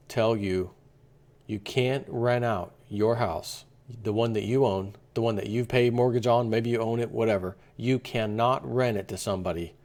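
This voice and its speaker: A man's voice: lowish voice, darkish tone. A man hosting an opinion commentary vlog, talking in an indignant, rambling rant. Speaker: vlogger host.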